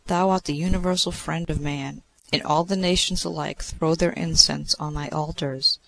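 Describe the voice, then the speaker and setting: A man plays a mortal king hopelessly in love, earnest and pleading in his address. The tone is slightly high with a gravelly rasp. It is a storybook reading. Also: fairly even intonation, normal speed, fairly bright tone, dry recording, low-quality recording.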